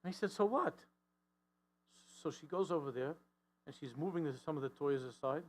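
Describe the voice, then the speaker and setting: A man delivers a storytelling sermon in a slightly higher voice. He voices the people in his story with rising pitch and force, and he often restarts and repeats words as he goes. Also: fast, poor audio. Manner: animated storyteller, voicing the characters' lines with rising pitch and force. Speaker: rabbi giving a talk.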